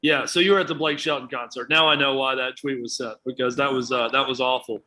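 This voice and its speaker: A man's voice: medium pitch, steady tone, quick pace, pushed and bright. A man appearing as a guest on sports talk radio, reasoning through his picks aloud in a thoughtful way.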